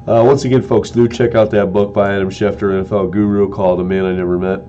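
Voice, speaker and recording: A man's voice: fairly low pitch, flat delivery, quick pace, warm tone, lo-fi sound, a little hiss or hum. A man hosting a live-streamed sports opinion show, ranting with heated, exasperated outbursts and mild cursing.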